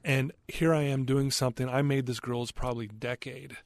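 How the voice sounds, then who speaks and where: A man's voice: mid-range voice, fairly even intonation, normal speed, no echo. A man earnestly telling a personal story as a podcast guest, candid and loose, with frequent fillers.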